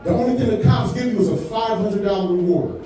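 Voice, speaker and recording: A man's voice: high-pitched, a little fast, mellow, some chatter behind. A stand-up comedian in his forties with a laid-back, conversational delivery on a comedy club stage. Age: 40s. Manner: laid-back, conversational delivery with frequent "man" and "you know what I'm saying". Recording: echoey club sound from far off.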